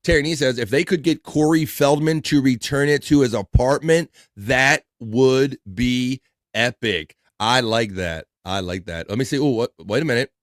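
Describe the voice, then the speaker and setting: Laid-back guy reading chat on a live show, dry sound, ordinary mid pitch. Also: moderate pace, no room sound. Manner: reads chat messages aloud, chuckling. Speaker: host. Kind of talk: casual live-stream chat.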